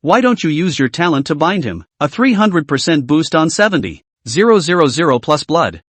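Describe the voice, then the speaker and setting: A man reading the part of an excitable, nosy young woman gamer, chatty and teasing. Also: on the high side, normal speed, dry recording. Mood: excited.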